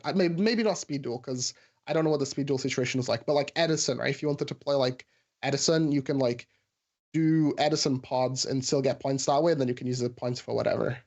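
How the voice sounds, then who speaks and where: A man's voice: mid-range voice, a little mellow, muffled recording. A man in a casual podcast chat, rambling through a story with many fillers and restarts. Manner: rambling, filler-heavy, says "like" often.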